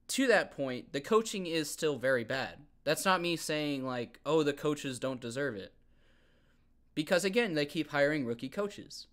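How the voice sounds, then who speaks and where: A young man hosting a podcast, ranting heatedly about basketball in a casual, animated way and often repeating himself. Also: on the high side, clean tone. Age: young adult. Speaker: podcast host. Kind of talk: casual sports rant.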